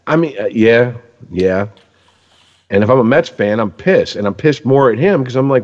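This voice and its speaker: A man's voice: medium pitch, normal speed, in a large hall, lo-fi sound. A man ranting in profane casual sports chat as a podcast co-host. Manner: ranting, heavy swearing, animated.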